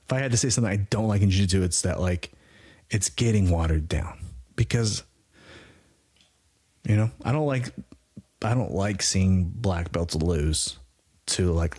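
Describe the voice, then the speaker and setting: A man's voice: low voice, moderate pace, long pauses, darkish tone, breathy edge. A man in his forties co-hosting a podcast, talking in a blunt, profane, rambling way. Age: 40s. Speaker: podcast co-host. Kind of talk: casual podcast chat.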